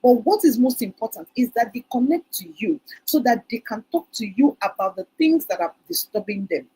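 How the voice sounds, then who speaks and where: Husky-voiced woman speaker. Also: fairly high pitch, animated, normal speed, dark tone, low-quality recording. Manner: storytelling, acts out parents' quotes. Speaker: conference speaker. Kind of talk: parenting talk to an audience. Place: conference hall.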